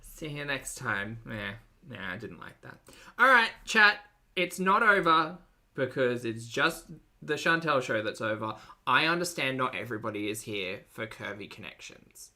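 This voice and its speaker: A woman's voice: a bass voice, very animated, moderate pace, bright, forceful tone. A woman streamer reacting live to a video, with dry, sarcastic asides to her chat.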